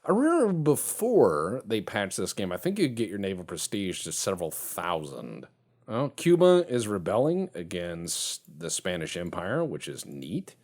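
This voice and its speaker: A man with a low voice gives casual gameplay commentary, joking around and laughing often. His pitch swings widely as he talks. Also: huge pitch swings, measured pace, a little mellow. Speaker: game streamer.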